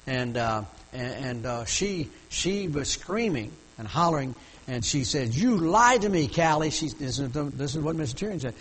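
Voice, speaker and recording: A man's voice: medium pitch, lively intonation, normal speed, husky, low-quality recording. An older male pastor telling a story in a sermon, folksy and full of restarts, rising to emotional emphasis.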